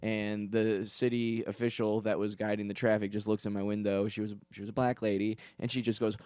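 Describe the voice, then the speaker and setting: A young man spins a comedic story for his podcast, wandering off on tangents and circling back with plenty of "like" and "um." His voice sits a little low, and the sound is dry and close with no room around it. He swears casually and pokes fun at himself as he goes. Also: flat delivery, brisk, hardly any pauses, darkish tone, smooth, dry recording. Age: young adult. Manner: rambling, digressive, full of fillers and restarts; profane, self-deprecating asides.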